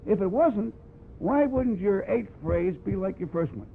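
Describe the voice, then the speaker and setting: A man with a high, gravelly voice talks a room of brass students through breathing in a blunt, wry way, scatting phrases to show what he means. The recording is a tinny, phone-like archival tape with a faint hiss underneath. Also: expressive, unhurried. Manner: plainspoken and wry, scats phrases to demonstrate. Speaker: brass instructor giving a clinic. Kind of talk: blunt, conversational teaching talk.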